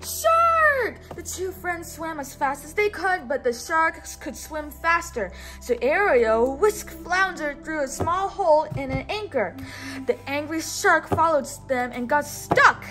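A woman's voice: high voice, lively intonation, unhurried, fairly bright tone, faint music behind. A young adult woman teacher reading a storybook aloud, patiently prompting a child to repeat words after her.

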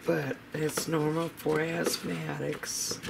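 A home cook talks viewers through a recipe in a relaxed, chatty way from a home kitchen. The voice is slow and gravelly. It is picked up by the camera's own mic, with clear background noise. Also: mid-range voice. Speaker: home cooking vlogger. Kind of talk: casual recipe demonstration.

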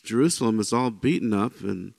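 A man with a lowish, creaky voice talks a little fast in a dry recording, giving an informal Bible teaching. He keeps it conversational, often checking in with "right?" and "you know," and gets animated when voicing quoted speakers.

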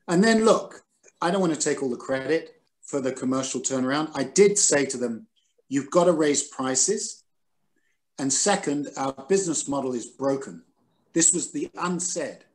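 Older man, 60s, video-call guest; higher male voice; lively, self-mocking storyteller. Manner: animated, self-deprecating, quotes others dramatically. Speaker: guest, former newspaper editor. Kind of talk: recalled anecdotes in a Zoom conversation.

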